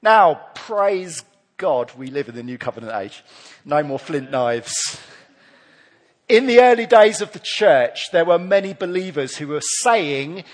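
A man's voice: a little high, expressive, unhurried. Man preaching in an echoing church hall. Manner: earnest, leads congregation in reading aloud. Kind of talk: sermon. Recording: long reverb of a church hall.

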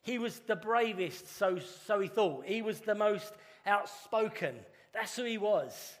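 Guy giving an easter sermon, kinda high voice, big echoey church, slows down for the dramatic bits. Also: animated. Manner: earnest, conversational with dramatic pauses. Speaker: pastor. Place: church hall. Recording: long reverb of a church hall.

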